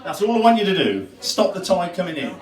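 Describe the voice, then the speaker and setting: A calm, fatherly gatekeeper at heaven's gate, spoken by a man. He lays out tasks in a plain, matter-of-fact way with a lively lilt. The room is echoey and the voice comes from far off. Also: high voice, quick pace.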